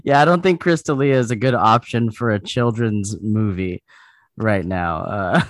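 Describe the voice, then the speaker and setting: A man's voice: on the low side, unhurried, no echo, studio quality. A man on a casual news chat panel, joking and rambling with restarts. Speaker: co-host.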